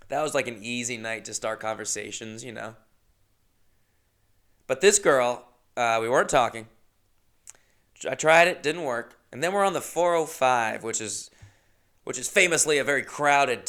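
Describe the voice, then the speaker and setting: A man hosting a podcast, telling a comedic story in a rambling, animated way and acting out the quotes. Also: mid-range voice, vocal fry, clean tone. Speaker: podcast host.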